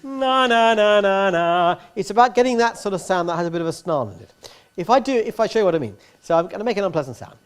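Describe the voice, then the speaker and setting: A male voice teacher coaches a young singer in front of a room of other teachers. His pitch swings widely as he encourages, demonstrates nasal sounds, and pushes for more expression. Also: big pitch swings, rapid-fire, darkish tone. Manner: coaxing, demonstrative, sings nasal vocal examples. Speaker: singing teacher. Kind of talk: masterclass coaching. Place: teaching hall at a singing school.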